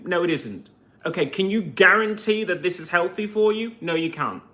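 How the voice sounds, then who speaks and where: A man talks straight to camera in a heated, swearing rant, firing off sarcastic rhetorical questions. His voice is fairly high for a man and swings widely in pitch as he presses each point. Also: animated, normal speed, sharp tone. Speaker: vlogger. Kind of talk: ranting monologue to camera.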